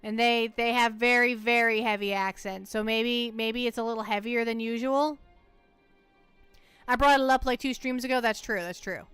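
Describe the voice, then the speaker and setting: A woman's voice: fairly high pitch, steady tone, normal speed, a bit bright, clean tone, dry recording, faint music behind. A woman from the United States chatting playfully and teasingly while livestreaming a game, often repeating words as she goes. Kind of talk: casual gameplay livestream chat.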